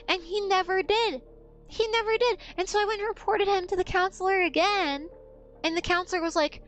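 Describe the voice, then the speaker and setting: Very high-pitched woman streamer. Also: brisk, faint music behind. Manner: blunt, profane, rambling with restarts. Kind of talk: casual storytelling on a gaming stream.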